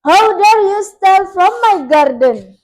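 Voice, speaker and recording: A woman with an Indonesian accent voicing a cunning, threatening old female witch in a read-aloud storybook, with loud and shrill threats. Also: lively intonation, slow pace, full character voice. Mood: furious.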